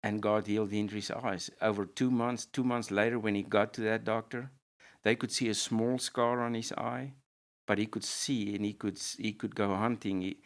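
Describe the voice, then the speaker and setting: A man with a low, smooth voice shares an earnest personal testimony. He speaks in an even, flat tone and often restarts his sentences. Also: moderate pace. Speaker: pastor and guest.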